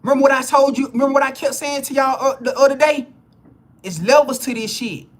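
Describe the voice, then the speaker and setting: Very high-pitched and rapid, a man gives viewers a live spiritual reading in a blunt, sermonizing style full of profanity. Getting heated, he echoes his own words and starts phrases over to build emphasis.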